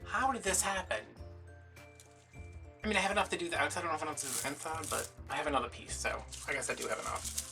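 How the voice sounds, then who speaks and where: A man chatting in a home craft vlog, rambling and theatrically self-mocking. His voice is bright and forward, picked up by a mic set a little away from him. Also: fairly high pitch, fast, creaky, far from the mic, soft background music. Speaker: craft vlogger.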